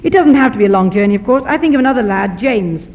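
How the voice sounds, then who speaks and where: A woman missionary doctor telling a story in a sermon, lively and self-deprecating. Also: mid-range voice, fast. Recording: dull recording in a reverberant hall.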